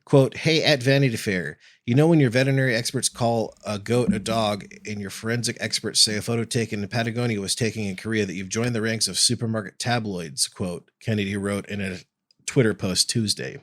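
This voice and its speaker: A man on a podcast reading a news story aloud and reacting with animated, swearing exclamations. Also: on the low side, a little fast.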